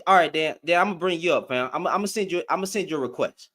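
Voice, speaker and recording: Hosting a live stream, a man talks back to commenters directly in slangy, confrontational rants, repeating lines for emphasis. His fairly high, fairly bright voice moves very fast.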